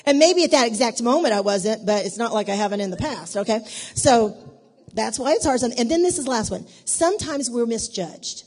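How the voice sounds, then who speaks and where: Woman, church teacher, conversational teaching, animated, acts out dialogue, higher voice, long hall reverb. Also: brisk.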